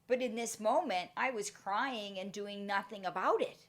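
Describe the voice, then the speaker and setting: A woman's voice: mid-range voice, a little slow, hardly any pauses. A middle-aged woman giving a motivational talk, telling a personal story and acting out the voices in it. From Canada. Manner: animated, acts out voices in her story. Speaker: motivational speaker.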